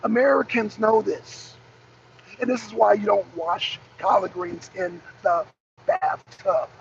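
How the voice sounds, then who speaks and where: A woman with a creaky, medium-pitched voice hosts a political livestream at a measured pace. She responds to chat viewers and emphatically asks the same rhetorical questions again and again, captured in dull lo-fi audio with faint noise.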